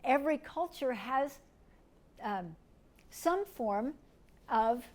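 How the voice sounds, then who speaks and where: A middle-aged woman from the United States, teaching a lecture in a gentle, step-by-step way and asking her listeners questions. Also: high-pitched, expressive, takes it slowly. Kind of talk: recorded lecture.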